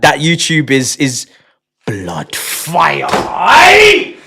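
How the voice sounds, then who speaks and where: A man, chatting live on stream to his viewers, excitable, repeating and stumbling over words, sometimes shouting. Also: extremely slow, vocal fry, husky. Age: 20s. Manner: shouts in bursts, then drops to low mutters. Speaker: livestreamer.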